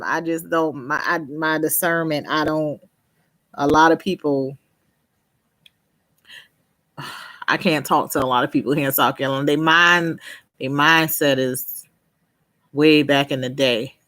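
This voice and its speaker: A woman with a fairly low voice chats casually on a live stream, laughing often as she talks. She answers viewers' comments by name and tends to trail off and restart her thoughts mid-sentence. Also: bright, forceful tone.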